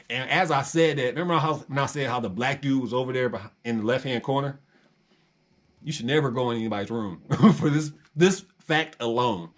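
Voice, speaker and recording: A man telling a prison story in a casual, animated way, acting out other voices and laughing often. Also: mid-range voice.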